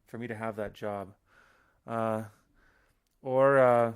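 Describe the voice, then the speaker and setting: A man teaching an audio language lesson in a loose, chatty way, with many fillers and restarts, slowing down to spell out example phrases. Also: mid-range voice, steady tone, clean tone.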